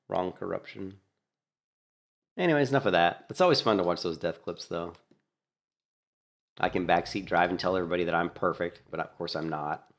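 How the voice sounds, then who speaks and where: A man casually commentating on a gameplay clip, animated and mocking, laughing often. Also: deep voice, creaky. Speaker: gaming streamer.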